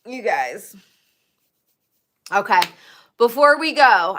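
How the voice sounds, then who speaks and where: A woman's voice: mid-range voice, animated, slow pace, pauses often, bright, forceful tone. A woman livestreaming, chatting casually and gossiping with her viewers and swearing freely.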